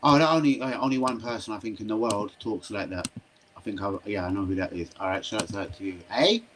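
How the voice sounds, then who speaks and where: A young man hosting a live football stream, chatting to his viewers in slangy, excitable talk with frequent swearing. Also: lowish voice, fairly quick, a little hiss or hum, poor audio. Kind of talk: casual live-stream commentary. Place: home room.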